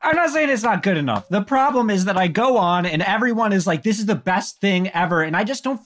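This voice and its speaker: A man's voice: high voice, lively intonation, fairly quick, fairly bright tone. A man co-hosting a podcast, defending his opinion in wry, casual banter. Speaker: podcast co-host.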